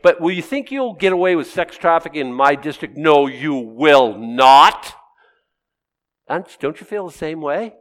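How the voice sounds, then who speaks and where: A pastor preaching a sermon, swinging from loud exclamations to quiet, wry asides. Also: male voice, on the high side, animated, unhurried.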